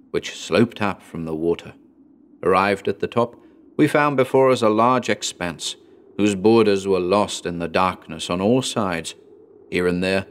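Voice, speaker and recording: A man giving a measured, dramatic scripted narration of a horror story. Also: lowish voice. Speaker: audiobook narrator.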